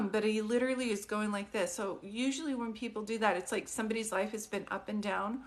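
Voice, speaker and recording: Woman, psychic medium on a live stream, gentle and questioning, mid pitch, close phone mic. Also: fairly quick. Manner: soft, consoling, often asks questions. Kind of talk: live-stream reading, casual and chatty.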